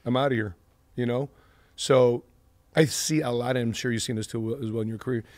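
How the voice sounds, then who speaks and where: Energetic man hosting an interview. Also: mid-range voice, fairly quick, dry recording. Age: middle-aged. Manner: energetic, reacts with short interjections. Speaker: podcast host. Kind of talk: casual interview.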